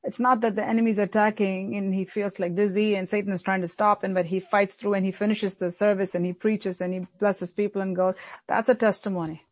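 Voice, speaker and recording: A woman pastor delivering an earnest sermon, slowing down and repeating lines for emphasis. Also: mid-range voice, little pitch movement, darkish tone, no room sound. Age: adult, recalls childhood many years ago.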